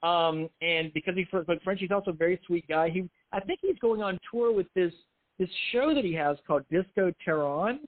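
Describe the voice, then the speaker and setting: A middle-aged man with a slightly high voice rambles through an interview, restarting his sentences and putting himself down. His voice comes over a thin, phone-like line. The sound is dry and close. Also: fairly quick, dry recording. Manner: rambling, self-deprecating, many restarts. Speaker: film writer and director. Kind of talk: casual interview talk.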